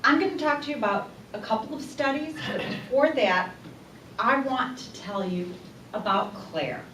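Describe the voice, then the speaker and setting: A woman giving a talk to a small group, speaking deliberately and putting questions to her listeners. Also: on the high side, lively intonation, bright, forceful tone. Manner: slow, deliberate, rhetorical questions to the audience. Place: room with a small audience. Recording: echoey room from a distance, faint hum.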